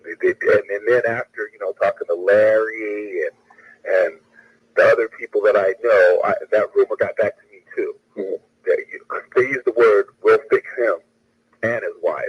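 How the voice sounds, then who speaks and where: A man's voice: lowish voice, moderate pace, slightly rough, dull audio. A man hosting a casual live commentary, repeating phrases and restarting sentences as he talks. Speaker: show host.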